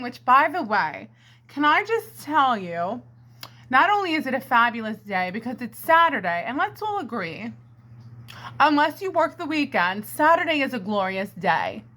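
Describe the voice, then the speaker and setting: High, bright-voiced New woman rambling. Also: sing-song, normal speed. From Brooklyn, New York. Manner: theatrical, addresses the audience as "my friends" and "ladies and gentlemen". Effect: karaoke mic echo. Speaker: comedy vlogger. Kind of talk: rambling stream-of-consciousness comedy monologue. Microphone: handheld karaoke microphone.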